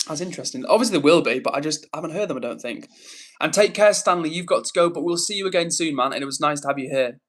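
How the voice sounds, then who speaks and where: Bright-voiced English man reading chat. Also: fairly high pitch, quick pace. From England. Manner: friendly, reads out chat messages and greets viewers by name. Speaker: live streamer. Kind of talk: casual live-stream chat reading viewer comments.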